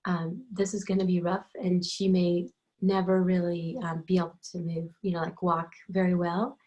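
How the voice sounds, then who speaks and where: A woman's voice: on the low side, level tone, moderate pace, a little mellow, highs cut off, lightly acted. A woman voicing a cautious, doubtful vet who gives a grim outlook.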